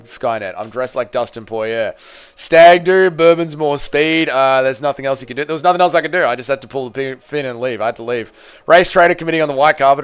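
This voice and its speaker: A man's voice: fairly high pitch, clear, resonant tone. An Australian man from Tasmania hosting a casual fight-night livestream, bantering with chat and swearing freely. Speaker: livestream host.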